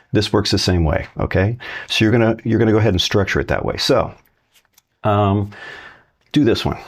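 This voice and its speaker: Low-voiced male language teacher, relaxed and encouraging, clear slow examples. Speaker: Spanish teacher. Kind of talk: casual video lesson.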